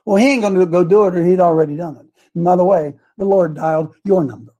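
Husky high-voiced preacher guy, fired up, folksy, shouts the scripture bits. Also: steady tone, fast, hardly any pauses. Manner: fervent, rising to shouts on scripture, folksy asides. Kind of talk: sermon.

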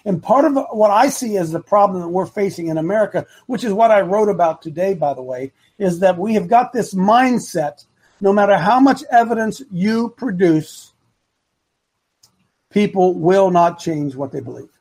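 A man's voice: sits high, expressive, normal speed, darkish tone, slightly rough. A man hosting a live opinion talk show, rambling and repeating himself for emphasis while talking to his producer and the chat.

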